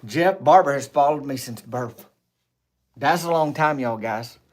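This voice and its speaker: A man hosting a casual livestream, rambling and joking with viewers, swinging between loud greetings and low asides. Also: measured pace. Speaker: livestream host. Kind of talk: casual live chat with viewers.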